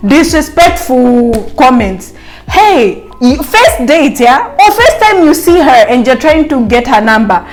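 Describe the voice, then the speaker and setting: A woman's voice: high-pitched, big pitch swings, unhurried, faint music behind. A woman vlogger giving casual dating advice straight to her viewers in a playful, teasing way. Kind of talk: casual advice chat to camera.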